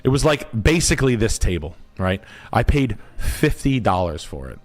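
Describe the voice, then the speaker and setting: A man's voice: lowish voice, big pitch swings, moderate pace, soft background music. A man casually telling a long rambling story, swearing often and breaking into other people's voices. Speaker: storyteller on a talk show.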